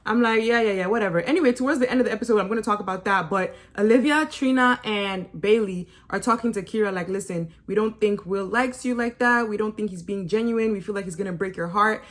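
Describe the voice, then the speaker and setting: A woman's voice: mid-range voice, fast, few pauses. A woman recapping a reality show in a casual, opinionated way, teasing and laughing often and mimicking people in sarcastic asides. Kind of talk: casual episode review.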